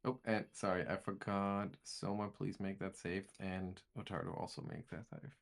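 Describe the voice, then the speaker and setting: A man narrating a tabletop game as game master, describing scenes haltingly. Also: low voice, fairly even intonation, creaky.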